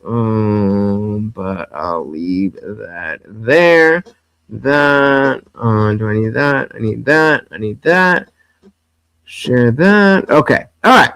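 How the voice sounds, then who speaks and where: A man hosting a livestream, reacting to a debate with mocking, profane commentary that swings from low muttering to loud outbursts. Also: animated, very slow, clean tone, dry recording.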